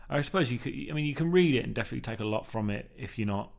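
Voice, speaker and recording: A man's voice: medium pitch, expressive, racing, creaky, darkish tone. A man vlogging in a loose, meandering monologue, full of ums and restarts, often tagging sentences with "man", while testing a newly bought mic. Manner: meandering, filler-heavy, keeps saying "man". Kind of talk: casual rambling monologue. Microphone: newly bought mic, under test.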